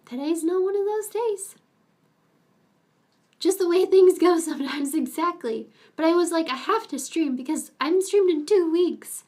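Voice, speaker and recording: A woman's voice: normal speed, a little mellow. A young adult woman streaming, chatting casually with viewers in a rambling way and laughing often. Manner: switches to a high, cooing voice to talk to her pets.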